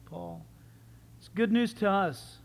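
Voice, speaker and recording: A man preaching a sermon in an animated, enthusiastic way, his loudness swinging from soft to loud. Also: high voice, slow, gravelly, big-room sound.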